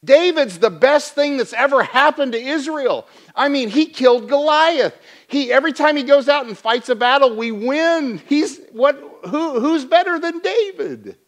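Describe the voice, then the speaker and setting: A man's voice: sits high, wildly swooping pitch, moderate pace, fairly bright tone, full character voice. A man voicing an exasperated priest who defends his friend to a king, in a pleading, incredulous way.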